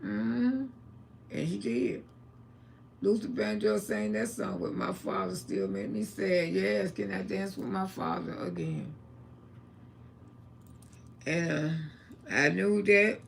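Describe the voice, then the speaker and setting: A woman's voice: mid-range voice, sing-song, slow, gravelly, pauses often, slight background noise. A woman, telling blunt, salty family stories on a casual livestream. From Florida, USA. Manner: blunt, salty, talks about God and family. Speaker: livestream host.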